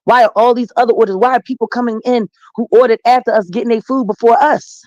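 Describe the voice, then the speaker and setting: A woman's voice: fairly high pitch, fairly even intonation, fast talker, a little mellow, no echo, highs cut off. A middle-aged woman telling a heated story in an interview, swearing freely and combative. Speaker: interview guest. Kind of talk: profane phone interview.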